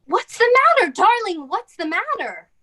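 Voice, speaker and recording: A woman acting a gentle, caring older sister who speaks in a soft, motherly and soothing way in a stage drama. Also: very high voice, sing-song, moderate pace, full character voice. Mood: worried.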